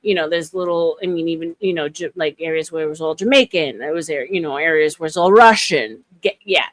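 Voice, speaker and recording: A woman's voice: low-pitched, animated, brisk, dry recording. A woman in her forties from New York hosting a casual live chat, talking in a chatty way with many restarts. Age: 40s. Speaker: livestream host. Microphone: phone.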